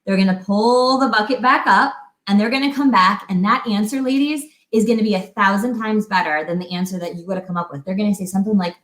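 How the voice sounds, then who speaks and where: A woman co-hosting a fitness talk, giving chatty, animated relationship advice and acting out little quotes. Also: mid-range voice, fast talker, hardly any pauses. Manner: chatty, animated, laughs often, acts out quotes. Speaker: fitness coach co-host. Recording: echoey room.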